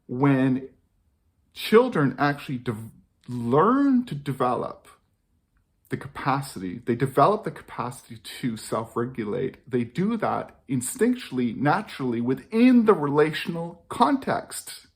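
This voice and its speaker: A man's voice: medium pitch, very animated, unhurried. A man talking earnestly to camera about parenting, repeating key phrases for emphasis. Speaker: parenting educator. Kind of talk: reflective talk to camera.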